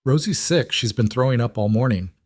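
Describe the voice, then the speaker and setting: A man voicing a weary, overwhelmed single father in a read-aloud story, quiet and strained. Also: medium pitch, brisk, no echo, studio quality, close to an everyday voice. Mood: tired, gentle. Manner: quiet, strained, self-doubting. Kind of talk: scripted story reading.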